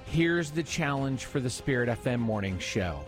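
A man hosting a Christian radio morning show, chatting upbeat and pitching listeners to give during a fundraiser. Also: animated, soft background music. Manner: upbeat, pitching donations with quick bursts.

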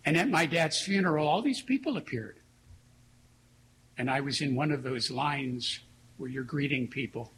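A man preaching a sermon as a priest, telling stories in an earnest, reflective way with slow pauses. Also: medium pitch, expressive, fairly bright tone, slight background noise, poor audio.

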